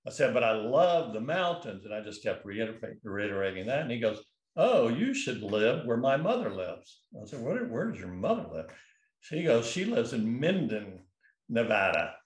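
A man's voice: mid-range voice, very animated, normal speed, reverberant. A man telling a long personal story in a casual, rambling way, full of restarts and fillers. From California. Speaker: guest.

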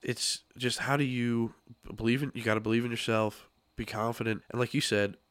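A man's voice: medium pitch, fairly even intonation, a little fast, fairly bright tone, no echo. A man hosting a podcast studio chat, upbeat and encouraging, his voice a little worn as he loses it. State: losing his voice. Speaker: podcast host.

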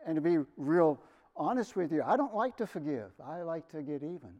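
A middle-aged pastor preaching a sermon, telling personal stories with dramatic swings from quiet to loud. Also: male voice, on the high side, sing-song, a little fast, dull audio. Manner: earnest, storytelling with dramatic swings in loudness.

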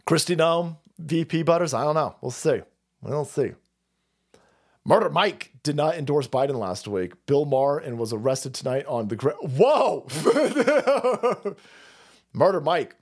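A man hosting a stream, delivering a loud, profane, mocking political rant. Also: on the high side, lively intonation, normal speed. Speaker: streamer host. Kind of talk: ranting political commentary stream.

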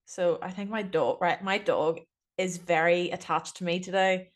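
A woman with a deep voice, a teacher co-hosting a casual podcast and rambling with lots of fillers. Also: steady tone, normal speed. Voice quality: deep voice, says so herself. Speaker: podcast co-host, primary school teacher. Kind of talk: casual chat.

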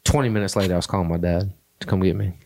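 A man's voice: sits low, fairly even intonation, racing, vocal fry, a little mellow, a little hiss or hum. A man hosting a podcast, telling a hunting story in a rambling, casual way with many fillers. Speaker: podcast host. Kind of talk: casual chat.

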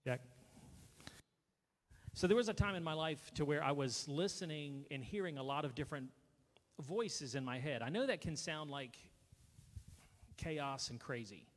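A man earnestly sharing a personal testimony at a gathering, speaking into a handheld mic with halting restarts. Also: on the high side, animated, big-room sound.

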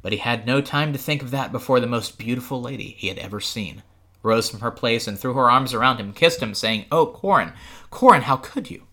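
A man reading a storybook aloud with steady, expressive narration on a podcast. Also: medium pitch, fairly quick. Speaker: podcast host, reader.

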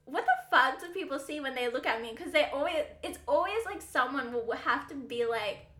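A woman's voice: high-pitched, animated, moderate pace, pushed and bright, echoey room. A young woman co-hosting a podcast, chatting animatedly, swearing and laughing often. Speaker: podcast co-host. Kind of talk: casual chat.

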